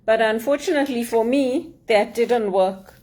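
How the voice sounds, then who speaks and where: A middle-aged woman from Zimbabwe with a Zimbabwean accent, giving an earnest, measured motivational talk as a speaker and mentor. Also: on the high side, darkish tone.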